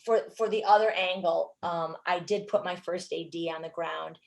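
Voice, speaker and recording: A middle-aged woman filmmaker, telling stories from a shoot in an interview, animated and quick to act out what people said. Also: on the low side, gravelly. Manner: animated, acts out quotes, many fillers. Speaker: filmmaker guest. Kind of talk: interview storytelling.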